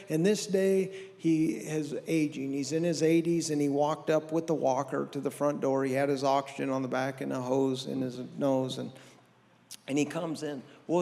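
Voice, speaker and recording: Folksy high-voiced man doing stand-up. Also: warm tone, big-room sound. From American Southwest. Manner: folksy, self-deprecating, acts out others' lines. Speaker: stand-up comedian. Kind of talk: stand-up storytelling. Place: church hall with audience.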